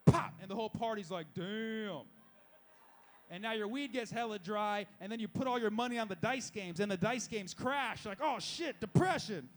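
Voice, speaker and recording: High-voiced stand-up comedian man. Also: fairly bright tone. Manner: rapid-fire punchlines with acted-out voices. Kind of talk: stand-up set. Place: live comedy show.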